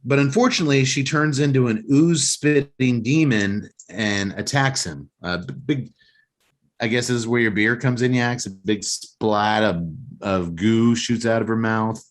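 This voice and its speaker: A man's voice: medium pitch, moderate pace. A man hosting a casual talk show, rambling and joking as he recaps a movie plot. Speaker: podcast host.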